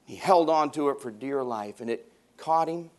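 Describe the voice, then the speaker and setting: A man's voice: mid-range voice, normal speed. A pastor preaching a sermon to his congregation, stressing his points and repeating key phrases.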